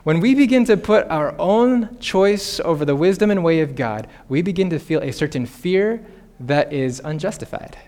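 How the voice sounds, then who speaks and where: High-voiced animated male preacher. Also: normal speed. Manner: animated, playful asides with laughter. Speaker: pastor. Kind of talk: sermon.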